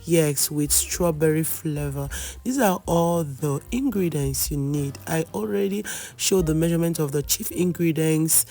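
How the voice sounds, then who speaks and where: A baking host talks viewers through a cake recipe in a hoarse, worn voice at a middling pitch. The delivery is chatty and reassuring, and key advice gets repeated. Faint music plays underneath. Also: darkish tone. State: hoarse, lost voice. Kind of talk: cooking tutorial.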